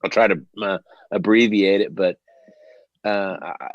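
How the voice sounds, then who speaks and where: A man hosting an interview, telling a long story in a rambling, animated way and swearing freely. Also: low-pitched, a little slow, no room sound. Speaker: host. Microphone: headset. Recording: dull lo-fi dry sound.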